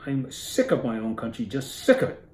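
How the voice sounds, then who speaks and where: A man's voice: mid-range voice, sing-song, moderate pace, darkish tone, reverberant, a little hiss or hum, natural voice. A man voicing a moody husband who answers coldly and defensively. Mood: curt. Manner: curt, cold and defensive.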